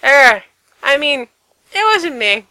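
A man's voice: very high voice, very animated, slow, sharp tone, no room sound, pitched above the performer's own voice, heavily acted, poor audio. A woman voicing an eager young man who swears and breaks off mid-sentence in a romance story reading. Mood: excited.

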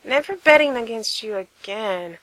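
A man's voice: sits high, expressive, normal speed, bright, forceful tone, no echo, poor audio. A woman voicing a breathless, teasing young man in an audio reading of a romance story.

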